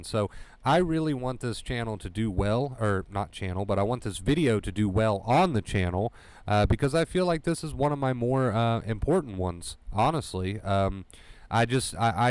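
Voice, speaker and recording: A man's voice: medium pitch, a little mellow, no room sound. A man hosting a livestream as an anxiety coach, talking emphatically to his chat and repeating key phrases. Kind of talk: motivational livestream talk.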